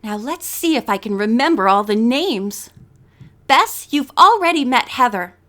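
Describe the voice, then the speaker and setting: A woman voicing a soft-spoken, kind young woman model who talks gently. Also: on the high side, very animated, a little slow. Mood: gentle.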